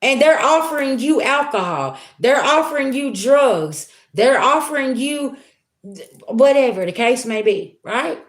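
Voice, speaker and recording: A woman's voice: high voice, lively intonation, a little slow, roomy sound. A middle-aged woman talking candidly and from the heart to her livestream viewers as a tarot reader, streetwise and swearing freely. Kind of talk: casual live-stream talk to viewers.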